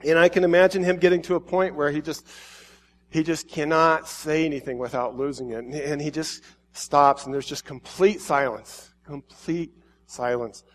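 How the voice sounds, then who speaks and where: A man preaching an emotional sermon, swinging between hushed pauses and urgent, quickening passages. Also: a little high, steady tone.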